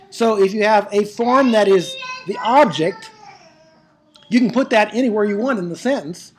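A Bible teacher giving an emphatic classroom lecture on biblical Greek, asking rhetorical questions and slowing down to stress key words. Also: mid-range voice, a little hiss or hum.

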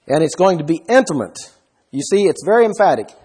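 Husky-voiced man preaching emphatically. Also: fairly high pitch, sing-song, fairly quick, darkish tone. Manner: emphatic, asks the listeners questions. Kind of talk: sermon.

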